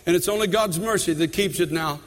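A man preaches from the pulpit, his voice sitting high for a man. He builds from measured storytelling into fervent, rising appeals. The sanctuary around him carries a long, ringing reverb. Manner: impassioned preaching, rising in pitch and force. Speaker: pastor. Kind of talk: sermon. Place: large church sanctuary.

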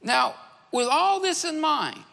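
A man's voice: very high voice, expressive, slow, creaky, bright, forceful tone. A man preaching a sermon, emphatic, repeating key phrases for stress. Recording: long hall reverb.

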